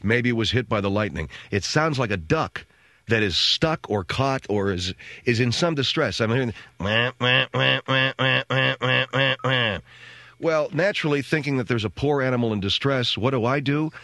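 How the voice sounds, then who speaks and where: A middle-aged man hosting a radio talk show, telling a comic story in an animated, jokey way and acting out voices and sounds. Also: medium pitch, moderate pace, no echo.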